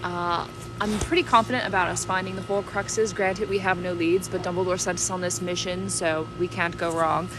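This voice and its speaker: A woman's voice: fairly low pitch, fairly even intonation, moderate pace, music in the background, pitched below the performer's own voice, close to an everyday voice, low-quality recording. A woman playing a fussy, know-it-all young witch in a parody video diary, speaking in a prim, matter-of-fact way.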